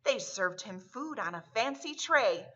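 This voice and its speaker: Children's librarian at storytime; bright, slow, sing-song reading. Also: female voice, on the high side, lively intonation, breathy edge, highs cut off. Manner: warm, slow, sing-song delivery for kids.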